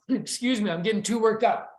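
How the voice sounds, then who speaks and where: An excitable presenter giving a weekly company update in an enthusiastic sales-pitch manner, sharing slides over a video call. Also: normal speed, roomy sound.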